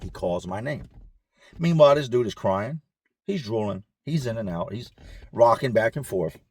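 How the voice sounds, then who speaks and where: A man telling a personal story in a casual, animated vlog style, recorded in his car. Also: fairly low pitch, normal speed, slightly rough, no echo. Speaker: vlogger.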